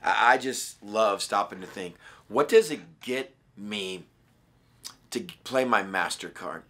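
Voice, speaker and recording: Raspy-voiced man giving a devotional. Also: fairly low pitch, expressive, slow, fairly bright tone. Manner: earnest and conversational, reading scripture with emphasis. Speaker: pastor. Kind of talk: daily devotional Bible study.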